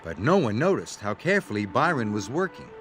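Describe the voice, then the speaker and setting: A man narrating a children's storybook aloud in an expressive, sing-song way. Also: fairly low pitch, a little fast. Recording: read-aloud over background music. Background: music.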